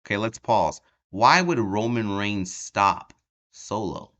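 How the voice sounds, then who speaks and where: A man's voice: lowish voice, expressive, slow, pushed and bright. A man talking casually as he recaps a wrestling show, rambling with lots of ums and breaking into laughs.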